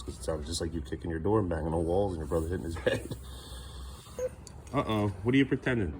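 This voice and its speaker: A man's voice: deep voice, fast talker, background noise. A man talking casually to his young son as a father, playful and coaxing, teasing him now and then.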